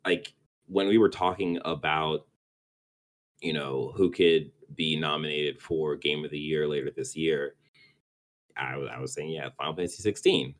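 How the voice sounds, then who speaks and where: A man's voice: a bass voice, steady tone, normal speed. A man co-hosting a casual gaming podcast, rambling and stumbling over words, often restarting and laughing. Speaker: podcast co-host.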